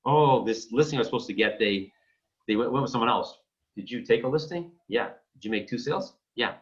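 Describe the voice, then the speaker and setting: A man's voice: medium pitch, a bit bright. A man coaching realtors, blunt and emphatic, acting out phone calls with clients. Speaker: real estate coach. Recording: dull lo-fi sound.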